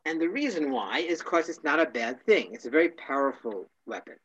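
A man teaching a casual class, wry and joking, often clearing his throat. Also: on the high side, very animated, fairly quick, fairly bright tone, lo-fi sound.

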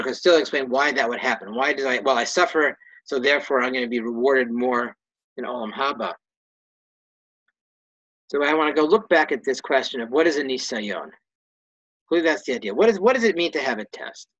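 A man's voice: mid-range voice, a little fast, fairly bright tone, no room sound, dull audio. A man leading a Torah study class, reading Hebrew and Aramaic phrases aloud and translating each one in a casual, self-correcting way. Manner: reads Hebrew and Aramaic phrases, then translates them plainly. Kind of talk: text-study lesson.

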